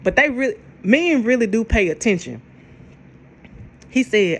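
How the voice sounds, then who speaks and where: A woman in her thirties casually recapping a reality show, telling it in an animated way, repeating phrases and acting out what people said. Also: fairly high pitch, a little slow, long pauses. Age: 30s. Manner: animated storyteller, repeats herself, acts out quotes.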